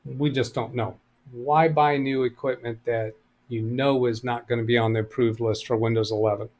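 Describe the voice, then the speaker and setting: A man running a live computer help stream, talking casually as he reads viewer messages aloud and answers them, often thinking out loud. His pitch sits in an ordinary middle range. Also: steady tone, moderate pace.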